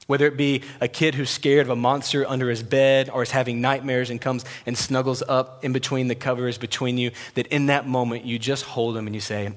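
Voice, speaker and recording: A man's voice: medium pitch, steady tone, moderate pace. Young man preaching in a reverberant hall. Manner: storytelling, drops to a hush for God's words. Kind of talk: sermon. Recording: long reverb of a large hall.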